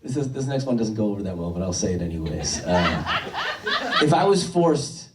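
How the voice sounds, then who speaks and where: A man's voice: on the low side, big pitch swings, fairly quick, noisy background. A young adult man doing a stand-up comedy set, telling stories with self-deprecating asides. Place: comedy club stage. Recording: echoey room from far off.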